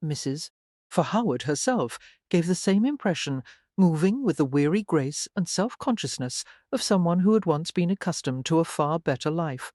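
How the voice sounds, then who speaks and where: An audiobook narrator reading a romance novel in a measured, even way. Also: mid-range voice, dry recording, studio quality. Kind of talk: scripted narration.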